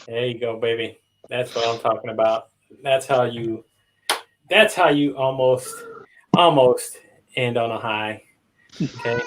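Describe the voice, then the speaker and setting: A man hosting a live online roundtable, thanking his guests and viewers with effusive, heartfelt warmth. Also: mid-range voice, fairly even intonation, a little slow, long pauses, slight background noise, rough recording. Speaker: host.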